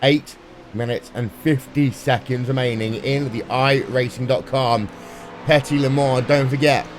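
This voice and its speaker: A man calling a sim race live, brisk and playful, with dry jokes. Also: medium pitch, steady tone, a little hiss or hum. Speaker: sim racing commentator. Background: music playing underneath.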